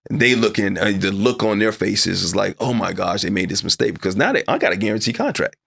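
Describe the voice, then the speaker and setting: Man, middle-aged, low gravelly voice, animated storyteller, reenacts conversations, pitch jumps when worked up. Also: normal speed, dry recording, clean studio sound. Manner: acts out his own past dialogue, voice climbing high when upset. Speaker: interview guest, sports broadcaster.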